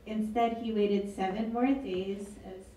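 A woman's voice: mid-range voice, steady tone, measured pace, dark tone, far from the mic, slight background noise. A woman author reading her book aloud at an event, with wry, chatty asides. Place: event hall. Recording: echoey hall, mic from afar.

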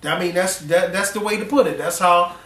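A male pastor preaching a folksy, animated sermon full of slang, drawing responses from the congregation. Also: high voice, a little fast. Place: church sanctuary. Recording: echoey church room, mic at a distance.

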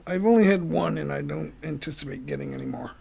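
A man's voice: on the high side, quick pace, creaky, a crowd in the background. A man hosting a casual livestream chat, giving blunt, grumbling opinions. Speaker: livestream host.

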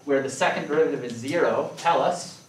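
A man gives a calculus lecture, mixing playful comparisons with quick checks on his students. His voice rings around a roomy hall and sounds distant from the microphone. A faint hum of room noise sits underneath. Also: fairly high pitch. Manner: animated, playful explanations with rhetorical questions. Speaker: math lecturer. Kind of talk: classroom lecture.

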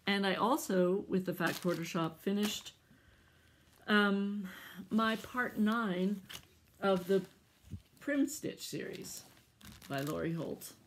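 A middle-aged American woman chatting casually to camera about her stitching, husky and congested from allergies, laughing often between asides. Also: mid-range voice, animated, slow pace, pauses often, a little hiss or hum. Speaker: cross-stitch vlogger. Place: at home, indoors.

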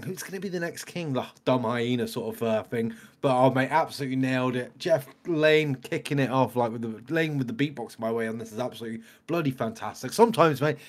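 An enthusiastic man co-hosting a reaction video, gushing in loose, casual chat. He leans on "mate" and "bloody" as he praises what he has just watched. His voice sits at an ordinary middle pitch.

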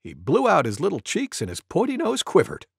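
A man reading a children's storybook aloud as a friendly male goose storyteller, in a slow, very lively sing-song way. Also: sits high, vocal fry, breathy edge, no echo, studio quality, heavily acted. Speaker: storybook reader. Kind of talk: children's read-aloud narration.

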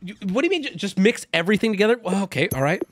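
A man's voice: high-pitched, big pitch swings, very fast, no echo. Streamer guy muttering moves to himself, swears a lot, voice jumps way up and down, dry sound. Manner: swears often, talks through moves out loud, with sudden yelps. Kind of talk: live-streamed game commentary.

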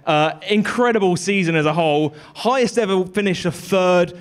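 A man's voice: high-pitched, normal speed, smooth. A man hosting a live podcast in front of an audience, upbeat and asking guests questions. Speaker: podcast host.

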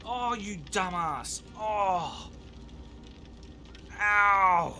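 A man streaming a game, loud and shouting and swearing as he plays. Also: high-pitched, extremely slow, a little hiss or hum. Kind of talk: live gameplay commentary. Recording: game music playing behind.

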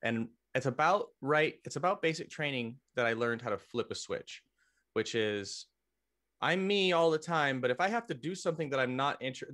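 A man's voice: medium pitch, fairly bright tone. A man, a guest on a podcast interview, telling a long story casually, often restarting his sentences and joking at his own expense. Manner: rambling, with frequent restarts and self-corrections. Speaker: podcast guest, military veteran.

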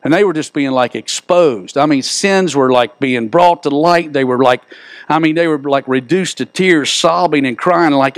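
A man's voice: fairly high pitch, lively intonation, normal speed, no echo. A middle-aged man preaching a sermon in a church, folksy and joking as he tells stories. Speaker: pastor. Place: church sanctuary.

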